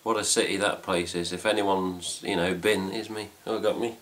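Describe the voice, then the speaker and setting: A middle-aged man with an English accent talks casually to camera from his home, hosting a fan news update. His voice sits very low. He rambles and drops mild swear words throughout. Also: steady tone, normal speed, a bit bright. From England. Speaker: fan site host. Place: home room with cats.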